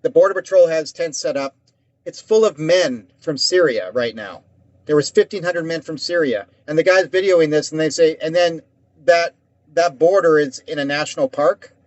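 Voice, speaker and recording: A man's voice: fairly high pitch, moderate pace, darkish tone, no echo. A man co-hosting a casual talk show, ranting at length and swearing often. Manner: heated, rambling, swears often. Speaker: podcast co-host. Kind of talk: casual conversation. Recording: dull dry lo-fi sound.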